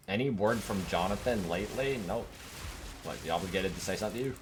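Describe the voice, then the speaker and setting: A man's voice: lowish voice, fast, noisy background. Swearing male streamer ranting. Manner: profane, emphatic rambling rant. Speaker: game streamer. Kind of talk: casual livestream chat.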